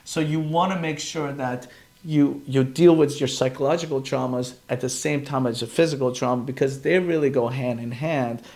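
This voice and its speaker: A chiropractor running a casual live podcast from his phone speaks at normal speed in a mid-range, slightly mellow voice with fairly even intonation. He rambles earnestly, often breaking off before finishing sentences.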